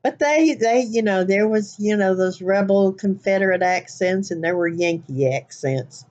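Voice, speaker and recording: A woman's voice: mid-range voice, moderate pace, darkish tone, lo-fi sound. A woman with a Southern US accent chatting casually through an accent tag vlog, rambling with many fillers. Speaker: vlogger.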